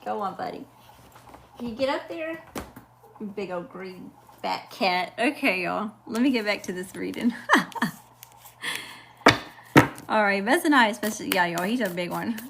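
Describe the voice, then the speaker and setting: A woman's voice: mid-range voice, a little slow, creaky, pauses often, noisy background. A woman with a Southern accent giving a live tarot reading, chatty and informal, peppering her talk with "okay" and "y'all". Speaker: tarot reader. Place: at home at a table.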